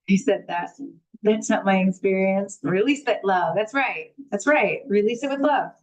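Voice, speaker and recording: A woman's voice: medium pitch, darkish tone, low-quality recording. A woman giving a candid spiritual talk on a live stream, swearing freely and acting out her inner thoughts, later reading aloud from a book. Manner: reads aloud from a book slowly.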